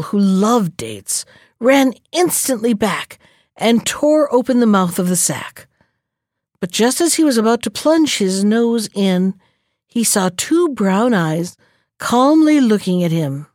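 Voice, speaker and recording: A woman reading a fairy tale aloud in a gentle, measured storyteller manner. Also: mid-range voice, no room sound, studio quality.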